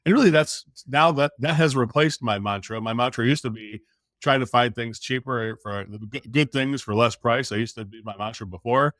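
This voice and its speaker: Telling a casual story on a podcast, a middle-aged male guest brings it to life by acting out the quotes. He has a mid-range voice and keeps a moderate pace. The recording is studio quality with no echo.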